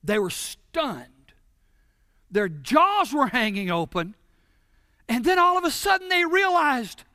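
High-voiced bright male preacher. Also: expressive, normal speed, dry recording, studio quality. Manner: dramatic storytelling, bursts into shouts. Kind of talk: sermon.

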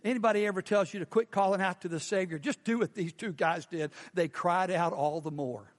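High-voiced preacher in a reverberant hall. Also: male voice, brisk. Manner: animated preacher asking the congregation questions. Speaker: pastor. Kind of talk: sermon.

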